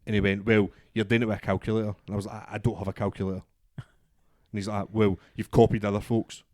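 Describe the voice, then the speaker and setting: A man's voice: on the low side, level tone, fast talker, darkish tone, dry recording, clean studio sound. A young Scottish man telling a story in casual podcast chat, swearing often and acting out both sides of the exchange. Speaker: podcast co-host.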